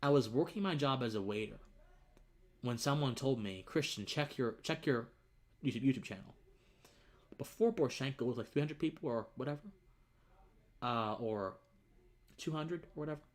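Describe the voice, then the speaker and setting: Medium in pitch and expressive, this young man talks at a moderate pace with long pauses as he hosts his livestream. Recounting something personal in earnest, he chokes up, cries, and his voice falls to near whispers.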